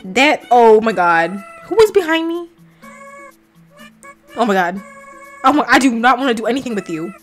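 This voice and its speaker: A young woman reacting loudly while playing a game, laughing and shrieking in playful shock. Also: on the high side, very animated, moderate pace, long pauses, faint music behind. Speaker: gaming vlogger.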